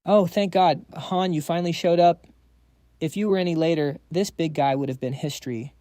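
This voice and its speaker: A man's voice: a little high, fairly even intonation, normal speed, mellow, dry recording, studio quality, close to an everyday voice. A man voicing a loyal, clownish chubby young man in a comic recap.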